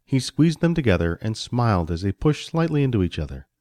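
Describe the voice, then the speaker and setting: A man reading a children's story aloud with expressive storytelling. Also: fairly low pitch, brisk, no room sound. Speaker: narrator.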